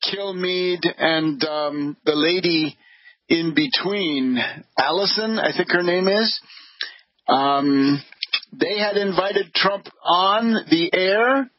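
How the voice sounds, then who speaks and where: A man hosting a radio show, delivering a deliberate, scornful political commentary monologue. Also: sits high, breathy edge, dry recording. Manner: deliberate, scornful, measured delivery with frequent pauses. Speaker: radio host. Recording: dull lo-fi radio audio.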